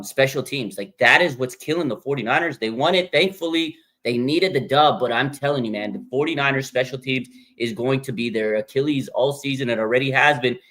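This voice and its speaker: A man hosting a live fan reaction show, talking emphatically, repeating points and using lots of fillers. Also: medium pitch. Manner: animated, emphatic, repeats himself, frequent fillers. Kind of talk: live sports reaction talk.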